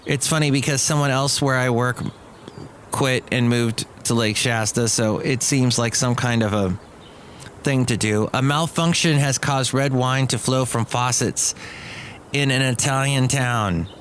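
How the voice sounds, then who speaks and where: A man's voice: medium pitch, unhurried, fairly bright tone, a little hiss or hum. A man hosting his own daily podcast, rambling and joking through his complaints. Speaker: podcast host. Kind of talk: casual solo podcast monologue.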